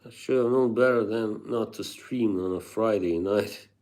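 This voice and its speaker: A man's voice: on the low side, normal speed, a little mellow. A man live streaming, chatting casually with viewers, rambling, laughing often and reading chat aloud.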